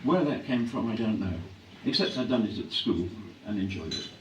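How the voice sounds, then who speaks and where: An older English man reflecting on his acting career in a live on-stage interview, clearing his throat often as his voice grows hoarse. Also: lowish voice, lively intonation, normal speed. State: voice growing hoarse. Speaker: actor being interviewed. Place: hall at a public event. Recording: echoey hall from a distance, faint hum.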